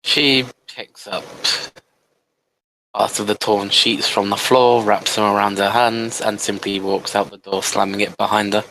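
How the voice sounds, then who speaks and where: A man's voice: on the low side, level tone, a little slow, sharp tone, a little hiss or hum, rough recording. A man running a tabletop game as game master, describing scenes with frequent restarts.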